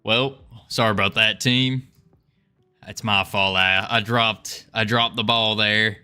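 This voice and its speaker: Bright-voiced playful male game dev streamer. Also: on the low side, fairly even intonation, slow pace, clear, resonant tone, soft background music. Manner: rambling, playful, repeats phrases. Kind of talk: casual livestream chat.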